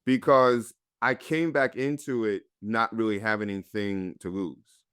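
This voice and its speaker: A man's voice: lowish voice, steady tone, measured pace, a bit bright, clean tone, dry recording, studio quality. A man from North Carolina, an actor guest, earnestly and candidly telling his own story in a conversation.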